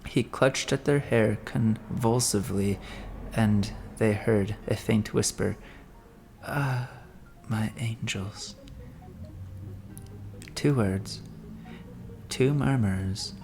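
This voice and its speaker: A man giving a measured, solemn reading of a classic novel as an audiobook narrator. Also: fairly low pitch, gravelly, music in the background.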